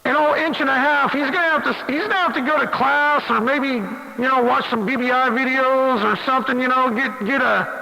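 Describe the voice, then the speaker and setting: A man's voice: very high-pitched, brisk, vocal fry, hardly any pauses, pushed and bright. A man on a CB radio channel, mocking and swearing at another operator between bursts of laughter. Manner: mocking, profane, laughing taunts. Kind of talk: on-air radio banter. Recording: hissy CB radio with long reverb.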